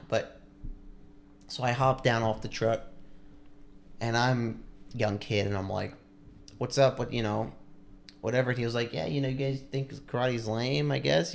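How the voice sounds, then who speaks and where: A man's voice: mid-range voice, steady tone, moderate pace, vocal fry, pauses often. A young man on a podcast telling a long story in a casual, rambling way, full of likes and restarts. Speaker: podcast co-host.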